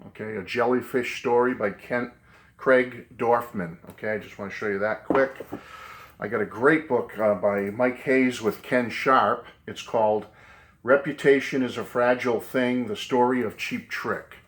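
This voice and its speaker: The host, a man from New England with a Boston accent, has a mid-range, steady voice with a fairly bright tone and normal speed. His casual video lesson is chatty, peppered again and again with "okay" and "great book."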